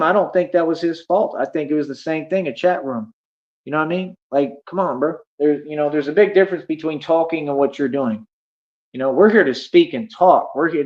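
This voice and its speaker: Streamer, man, fairly high voice, cocky and confrontational, muffled lo-fi audio. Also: a little mellow. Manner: boastful, confrontational, slangy. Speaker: livestreamer. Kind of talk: livestream rant at chat.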